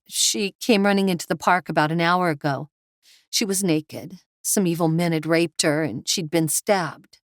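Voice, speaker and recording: A woman's voice: dry recording, studio quality, lightly acted. A woman voicing a panicked young mother. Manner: screaming, high-pitched with panic.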